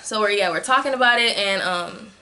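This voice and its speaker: A young woman telling a personal story in a candid vlog, filling her speech with "like" and growing soft and subdued at times. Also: mid-range voice, brisk. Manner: candid, heavy use of "like" as filler. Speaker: vlogger.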